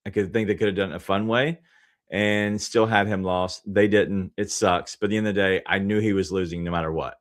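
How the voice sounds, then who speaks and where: Blunt low-voiced male host. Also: fairly even intonation, fairly quick. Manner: blunt, wraps up segments. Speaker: show host. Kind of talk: casual sports betting chat.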